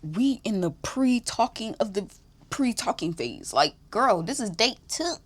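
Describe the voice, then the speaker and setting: A young woman hosting a podcast, telling a story in casual chat, animated, swearing freely and breaking into laughs. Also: medium pitch, unhurried, husky. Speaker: podcast host.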